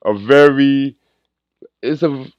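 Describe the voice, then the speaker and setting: A male podcast host talks in a relaxed, easygoing way and laughs often. His pitch sits in the middle. The sound is dry and close, with no room echo. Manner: laid-back, laughs often, drawn-out phrases. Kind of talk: casual chat.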